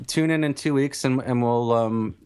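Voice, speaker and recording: A man co-hosting a casual sibling podcast, riffing deadpan jokes and fumbling through sign-offs with fillers. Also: mid-range voice, clear, resonant tone. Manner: deadpan riffing, halting wrap-ups. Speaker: podcast co-host. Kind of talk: casual chat.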